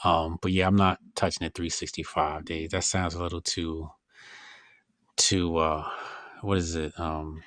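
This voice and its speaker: A man hosting a podcast in casual chat, speaking with blunt, animated, slangy banter. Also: deep voice, unhurried, no echo. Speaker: podcast host.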